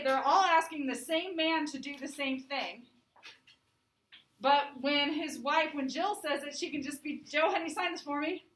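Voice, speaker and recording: Woman, high pitch, classroom lecture, conversational, roomy distant sound. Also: fairly bright tone, a little hiss or hum. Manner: conversational, checks in with frequent "right?" and "okay?". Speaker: teacher. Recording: echoey room, voice from a distance.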